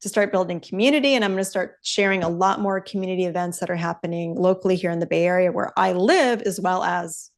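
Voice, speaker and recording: A woman's voice: on the low side, quick pace, hardly any pauses. Chatty woman podcast host. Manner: chatty, upbeat, loose with profanity. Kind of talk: casual podcast chat.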